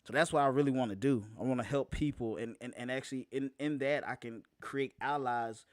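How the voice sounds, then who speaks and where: A man hosting a live talk show, speaking casually, often laughing and repeating phrases for emphasis, slowing down to stress points. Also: medium pitch, dry recording, studio quality. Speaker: show host.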